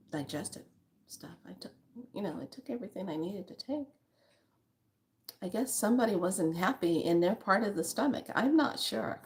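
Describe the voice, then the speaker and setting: A woman in her fifties, chatting candidly to her viewers and telling a story with frequent laughter. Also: lowish voice. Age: 50s. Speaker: spiritual vlogger. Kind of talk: casual chat to viewers.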